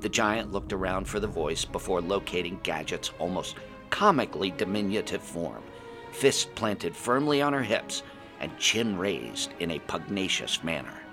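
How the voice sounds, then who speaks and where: A man's voice: sits low, lively intonation, moderate pace, music in the background. A man narrating a fantasy adventure in the first person, reading it aloud expressively. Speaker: storyteller.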